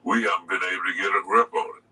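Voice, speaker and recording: A man interviewed on the news, speaking in a measured, formal way. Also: deep voice, steady tone, very noisy. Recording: distant TV audio.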